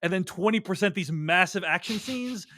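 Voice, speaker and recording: A man co-hosting a film review podcast, making a measured, hedging case in casual chat. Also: high voice, bright, forceful tone, dry recording, clean studio sound. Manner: measured, hedging, playing devil's advocate. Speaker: podcast co-host.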